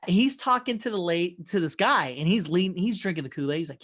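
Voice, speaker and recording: A man in casual podcast chat, telling long wandering stories full of swearing. He keeps acting out other people's lines in quick voices of his own. His pitch rises and falls a lot as he talks. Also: lively intonation, a bit bright. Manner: rambling, profane storyteller who acts out quotes. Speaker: podcast co-host. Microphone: remote call mic.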